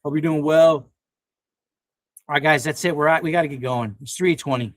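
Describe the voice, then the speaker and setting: A man in his fifties chats on a casual livestream in a fairly high voice, excitable and quick to laugh. He swears freely as he answers the chat, and the sound is close and dry. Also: no room sound. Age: 50s. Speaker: livestream host reading chat.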